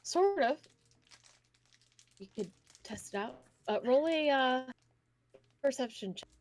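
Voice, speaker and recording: A woman narrating as game master in a casual tabletop session, halting and relaxed with many fillers. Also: sits high.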